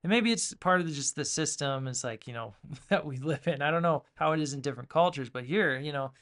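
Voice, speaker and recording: A man's voice: fairly high pitch, moderate pace, a bit bright. A man hosting a casual spiritual podcast, talking in a loose, rambling way with many fillers and restarts. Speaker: podcast host.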